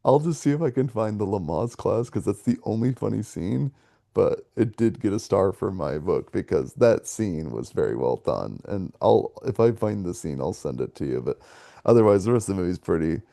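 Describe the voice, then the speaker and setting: Gravelly low-voiced man, rambling chat. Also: big pitch swings, moderate pace, mellow, no room sound, studio quality. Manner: rambling, laughs often between thoughts. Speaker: podcast co-host. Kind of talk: casual movie review chat.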